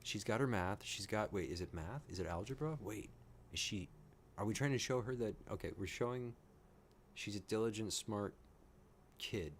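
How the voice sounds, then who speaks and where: A man hosting a casual reaction video, giddy, excitable and jokey as he comments on a TV episode. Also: fairly low pitch, normal speed, a little hiss or hum.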